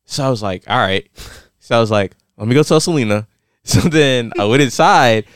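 A young man with a smooth, clear voice recounts a wild story in casual podcast chat. He throws himself into the quoted lines and jumps way up in pitch. The sound is close and dry. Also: normal speed, no room sound. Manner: animated, acts out quotes with big pitch jumps.

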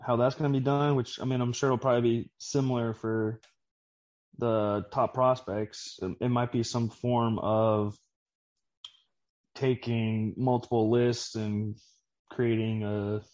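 A man's voice: medium pitch, flat delivery, unhurried, darkish tone. Young male co-host, dry teasing humor, slightly dull mic. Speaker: podcast co-host. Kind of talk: casual chat.

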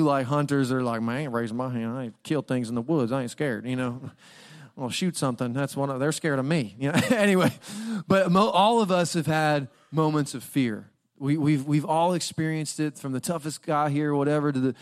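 A young male guest preacher with a clean, smooth voice, pitched a little above most men. He talks in a loose, conversational way, cracking jokes about himself and laughing along before easing into the message. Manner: conversational, jokey storytelling with frequent laughs. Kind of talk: sermon.

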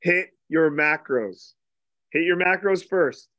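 Bright, coaching man giving instructions. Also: a little high, slow, no echo, dull audio. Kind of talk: casual podcast talk.

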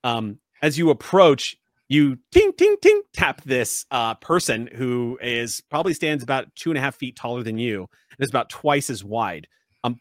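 A man runs a tabletop game, describing scenes in a loose, rambling way. His voice sits at a middle pitch, recorded dry and close. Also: a bit bright, no room sound. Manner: descriptive, rambling, laughs often. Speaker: game master.

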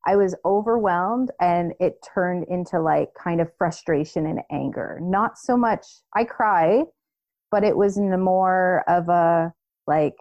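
A woman in her thirties telling a personal story in casual chat, animated, acting out what people said. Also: on the low side, measured pace, no room sound. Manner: animated storytelling, acts out quoted voices, laughs. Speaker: podcast co-host.

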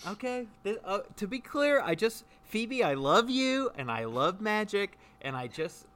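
Bright, flustered improv performer. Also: mid-range voice, sing-song, a little slow. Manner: flustered, backpedaling, over-explaining. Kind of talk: improvised comedy scene.

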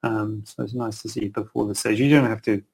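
A man's voice: lowish voice, fairly even intonation, fairly quick, gravelly, darkish tone, breathy edge. A middle-aged man, a plastic surgeon, answering questions in a rambling, chatty live session from his computer. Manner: chatty, rambling, self-interrupting. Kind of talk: live Q and A chat.

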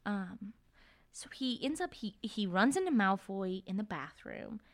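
Young woman, podcast co-host, chatty, casual book talk, mid pitch. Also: lively intonation, unhurried. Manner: chatty, many fillers, acts out quotes. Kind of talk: casual book-discussion chat.

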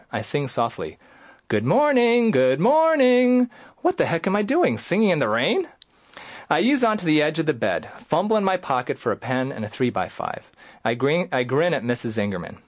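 A young man from Michigan reads his own memoir with a very lively, swinging pitch. He jumps into loud, high voices for the people in the story, then drops back to plain telling. His voice sits in a middle register. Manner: animated, jumps into loud high acted lines while reading. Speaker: author and plastic surgeon, guest. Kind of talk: interview, then reading his memoir aloud.

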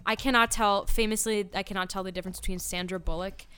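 A young woman chatting casually on a podcast in a smooth, clear, mid-pitched voice. She rambles, swears offhandedly and keeps dropping into low, trailing asides. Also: steady tone, fast, sharp tone. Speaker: podcast co-host. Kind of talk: casual chat.

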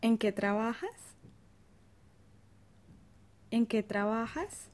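A woman co-presenting a podcast language lesson, reading example phrases slowly and carefully, saying each one twice. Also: fairly high pitch, lively intonation, a little mellow.

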